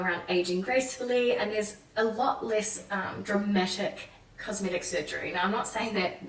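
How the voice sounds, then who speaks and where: Animated New Zealand woman vlogging. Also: mid-range voice. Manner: animated, acts out quoted French voices. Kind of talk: casual chatty vlog. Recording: echoey room, mic at a distance.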